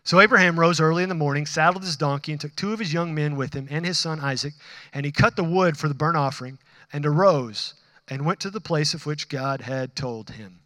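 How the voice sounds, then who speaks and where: A man's voice: on the high side, a little fast, dry recording, studio quality, big-room sound. A man preaching a sermon as a pastor, talking conversationally, asking the congregation questions and acting out dialogue with God. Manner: acts out dialogue with God in animated bursts.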